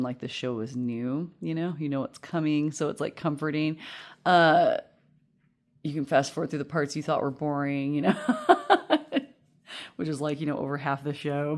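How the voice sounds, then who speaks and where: A woman's voice: a bass voice, darkish tone. A woman giving a casual pick-a-card tarot reading, rambling and chatty with many fillers and frequent laughter.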